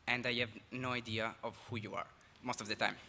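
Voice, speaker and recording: A teenage exchange student from Italy with an Italian accent, giving a halting, apologetic speech at a school assembly. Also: male voice, medium pitch, level tone, bright, forceful tone, a little hiss or hum. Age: teens. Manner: nervous, halting, apologetic with laughs. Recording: reverberant hall, faint ambience.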